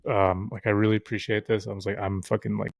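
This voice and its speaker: A man's voice: on the low side, level tone, quick pace, vocal fry, no echo. Profane, rambling man telling stories. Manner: loose and profane, filler-heavy. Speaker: podcast guest. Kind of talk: casual storytelling chat.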